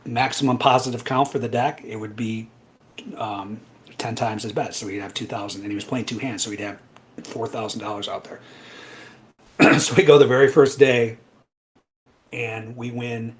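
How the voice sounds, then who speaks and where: A man casually telling a long personal story, animated, with frequent asides like "right?" and "I'm like". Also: medium pitch, normal speed, slight background noise. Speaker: trading educator guest.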